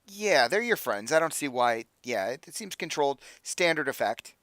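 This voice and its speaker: A young adult man narrating as game master, casual and halting, with many fillers and restarts. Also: medium pitch, big pitch swings, a bit bright, no room sound.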